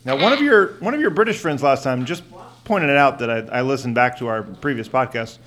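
A man's voice: animated, a little fast, fairly bright tone. A father hosting a silly family podcast, teasing and joking with his guests and laughing often. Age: adult parent. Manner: goofy, teasing, laughs often, swoops up high in mock surprise. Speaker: podcast host interviewing kids' characters. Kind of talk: playful comedic podcast chat.

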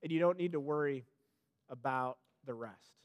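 A male pastor preaching a sermon, emphatic and direct with the congregation, swelling to loud peaks and dropping back soft, often repeating his words. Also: mid-range voice, normal speed, muffled recording.

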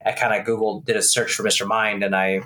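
A man's voice: fairly low pitch, flat delivery, quick pace, bright, forceful tone. A man in casual conversation about movies, chatty and hesitant, asking his co-host questions. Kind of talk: casual chat.

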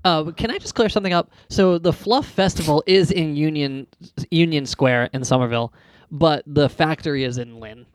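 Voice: medium pitch, normal speed, few pauses, dry recording. A podcast co-host who nitpicks the facts in a playful way. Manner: fussy about accuracy, playful. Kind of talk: casual chat.

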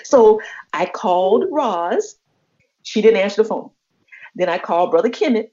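Slightly muffled lo-fi audio captures a woman co-hosting a podcast, her mid-range voice at a measured pace. She tells a personal story in a casual, animated way, performing the quoted voices of the people involved.

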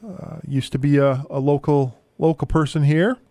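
A man hosting a radio show, casually introducing songs with frequent hesitant pauses. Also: fairly high pitch, warm tone, no room sound. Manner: hesitant, many filler pauses. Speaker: radio host.

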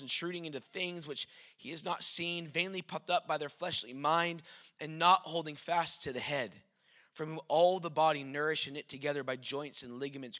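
A man preaching a sermon, passionate and building to shouts before easing into conversational teaching. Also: a little high. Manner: impassioned, rising to shouts then dropping to conversational teaching.

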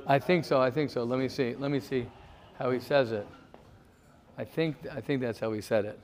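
A man's voice: medium pitch, normal speed, a little mellow. A man leading an interactive study class, often restarting his sentences and mixing in Hebrew terms. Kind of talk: interactive lecture.

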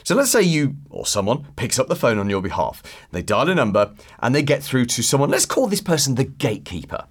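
A man hosting a solo podcast, talking casually and acting out phone calls in quick put-on voices. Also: medium pitch, very animated. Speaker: podcast host.

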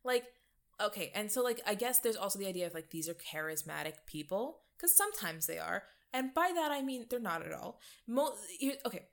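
A woman's voice: medium pitch, animated, a little fast, creaky. A woman co-hosting a casual talk show, blunt and profane, often mimicking people in a mocking voice. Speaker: podcast co-host. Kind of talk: casual chat.

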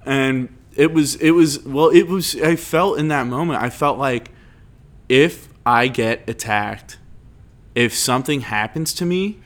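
A man telling a story in casual chat, animated and rambling, swearing freely. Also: mid-range voice, unhurried.

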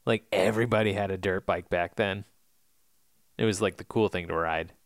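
A woman's voice: a bass voice, fairly even intonation, normal speed, dry recording, clean studio sound. A woman co-hosting a podcast, chatting playfully about a movie and teasing her co-host. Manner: playful, teasing, laughs a lot. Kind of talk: casual movie chat.

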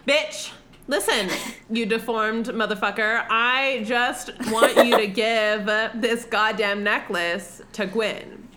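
A woman's voice: mid-range voice, big pitch swings, unhurried, bright, forceful tone, slight background noise. A woman voicing a brooding, short-tempered man who swears bluntly. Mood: irritated. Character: brooding man, curt and crude.

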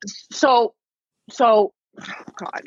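Speaking very slowly in a fairly high pitch, this online reseller chats as a podcast guest, recounting her story casually and peppering it with "like" and "um". The audio is dull, lo-fi and dry, with a little hiss or hum.

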